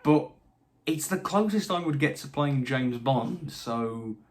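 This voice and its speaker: A young British man answers viewer questions in a casual monologue, restarting often and dropping dry asides, his voice a little tired late at night. He speaks slowly and animatedly at medium pitch.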